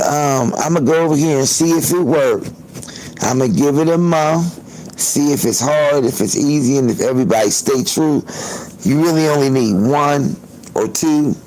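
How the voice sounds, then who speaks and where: Male livestream host, raised pitch, loose and profane, chats to viewers on a phone. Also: a little mellow, a little hiss or hum, poor audio. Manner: loose, profane, chatty, laughs often. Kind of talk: casual livestream storytelling.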